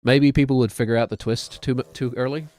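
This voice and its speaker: A man with a New Zealand accent, likely in his thirties, streams a video game and thinks aloud, rambling and self-deprecating, as casual gaming commentary. His medium-pitched, slightly mellow voice is fairly even in intonation and fast, in a dry recording.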